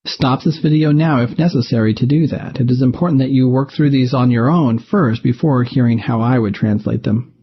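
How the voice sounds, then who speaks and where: Husky man teaching step by step. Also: mid-range voice, a little fast, dull audio. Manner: methodical, explains step by step. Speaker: Greek teacher. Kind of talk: recorded lesson.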